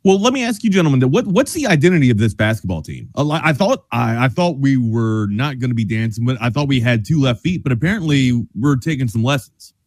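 Excitable male caller, swoopy lively pitch, dry close mic. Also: fast talker, few pauses, no echo. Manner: excitable, joking, laughs easily. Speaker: caller guest. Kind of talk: casual sports radio banter.

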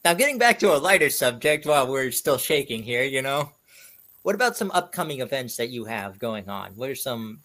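A man's voice: mid-range voice, very animated, fairly quick, fairly bright tone. A man hosting a podcast, asking chatty, casual questions. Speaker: podcast host.

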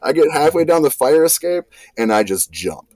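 A man guesting on a podcast, telling wild stories in a casual, profane, animated way and acting out the quotes. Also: on the high side, moderate pace, no echo. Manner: animated, profane storyteller who acts out quotes. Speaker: guest, urban explorer.

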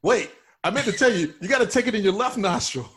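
Man playing an excitable, gushing coworker. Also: high-pitched, quick pace. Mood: laid-back. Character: eager male office coworker obsessed with a show. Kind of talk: improv comedy sketch.

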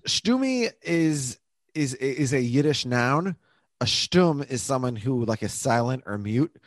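A man co-hosting a podcast recaps a TV episode in a casual, lively chat, laughing often. His mid-range voice is very animated yet slow, recorded with no room sound.

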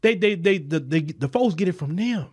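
Man, political commentary podcast, impassioned, high voice. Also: lively intonation, moderate pace, husky. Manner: impassioned, repetitive, preacher-like cadence. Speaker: podcast host. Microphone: podcast microphone.

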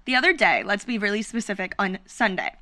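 A young woman co-hosting a casual chat, chiming in with quick replies and dry remarks. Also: mid-range voice, very animated, sharp tone. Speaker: podcast co-host.

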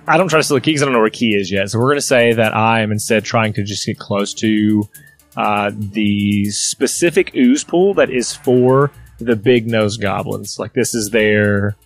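Brief: man with a gravelly voice, hesitant role-play narration, faint music behind. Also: medium pitch. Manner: hesitant, describes actions in first person. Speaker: tabletop game player. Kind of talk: casual tabletop role-play chat.

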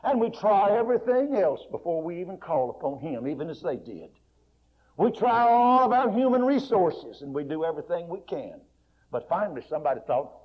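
A man preaches in a husky, slightly raised voice, telling the story in a folksy, dramatic way. He drops to near-hushed lines and then swells louder. The sound is dull and lo-fi. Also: on the high side. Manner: folksy, dramatic retelling with sudden soft and loud swings. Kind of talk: sermon storytelling. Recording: muffled lo-fi recording.

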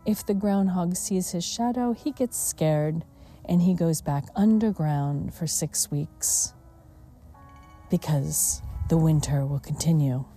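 A woman hosts a reflective mindfulness talk at a slow, unhurried pace. Her voice is very mellow and dark, a little lower than most, and now and then drops to a near hush. Faint music plays behind her. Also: breathy edge. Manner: gentle and unhurried, with soft laughs and hushed moments. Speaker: mindfulness podcast host.

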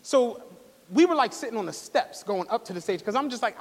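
A man co-hosting a live podcast, telling a profane, animated story and acting out the quotes. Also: very high-pitched, a little fast. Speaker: podcast co-host. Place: live stage show in a studio venue. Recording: long hall reverb from a live venue.

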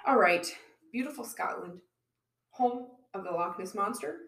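A woman co-host telling a history story in a relaxed, casual way, apologizing for her pronunciation. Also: mid-range voice, moderate pace, slight background noise. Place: finished basement. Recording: echoey room.

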